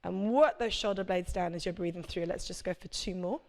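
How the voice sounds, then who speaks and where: A woman's voice: lowish voice, a little fast. A woman, a prenatal fitness instructor, coaching a live workout class with chatty, encouraging cues and check-ins.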